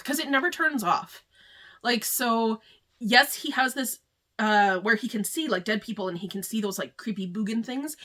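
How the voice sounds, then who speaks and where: A woman's voice: fairly high pitch, fairly bright tone. A woman giving a casual, rambling book review, chatty and full of filler words. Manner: chatty, rambling, heavy use of "like".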